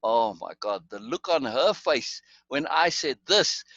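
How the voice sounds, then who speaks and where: A man's voice: mid-range voice, expressive, normal speed, hardly any pauses, bright, forceful tone, no room sound, muffled recording. A man telling stories in casual chat, rambling, restarting often and chuckling. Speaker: storyteller.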